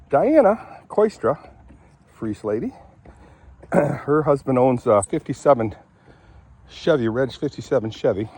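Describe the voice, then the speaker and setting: A middle-aged man from Michigan, talking in a rambling, chatty way and often clearing his throat. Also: medium pitch, darkish tone. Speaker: vlogger. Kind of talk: rambling casual chat.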